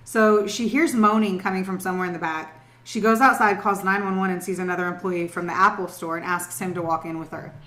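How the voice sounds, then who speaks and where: A woman's voice: on the low side, steady tone, brisk, a bit bright. A young woman co-hosting a podcast, telling a true-crime story in casual, profane, emphatic chat. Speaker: podcast co-host. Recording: roomy echo.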